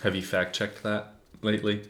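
A man co-hosts a casual podcast with a fairly low voice. He teases and jokes, and the roomy echo of the recording is easy to hear. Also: flat delivery, moderate pace, creaky, a bit bright. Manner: playful, teasing. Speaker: podcast co-host. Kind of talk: casual chat.

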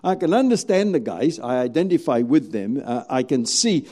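A man's voice: medium pitch, sing-song, normal speed, darkish tone. A man preaching a sermon, telling a story and acting out its scenes dramatically.

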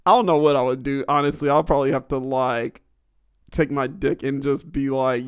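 A man's voice: mid-range voice, fairly even intonation, moderate pace, clean tone, dry recording, studio quality. A young man hosting a podcast alone, rambling crudely with lots of fillers and frequent laughter. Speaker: podcast host. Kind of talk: casual solo podcast storytelling.

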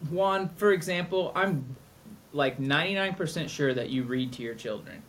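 A man's voice: fairly high pitch, moderate pace, fairly bright tone, a little hiss or hum. A middle-aged man co-hosting a podcast in casual, joking, rambling chat. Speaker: podcast co-host.

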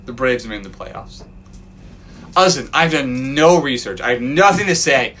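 A man hosting a podcast from his backyard, ranting profanely as a sports fan and swinging from loud outbursts to low mutters. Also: animated, moderate pace, a little hiss or hum. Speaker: podcast host. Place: home backyard.

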